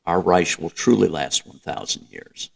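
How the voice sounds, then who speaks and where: A man voicing a grandiose middle-aged dictator, speaking in a slow, emphatic rant. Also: deep voice, sing-song, creaky, heavily acted.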